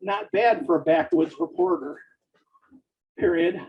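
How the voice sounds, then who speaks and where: Author dictating his novel: high, lively voice with fry, slow and deliberate, calls out punctuation; muffled lo-fi recording. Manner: speaks punctuation marks aloud, slow and deliberate. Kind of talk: dictating fiction aloud.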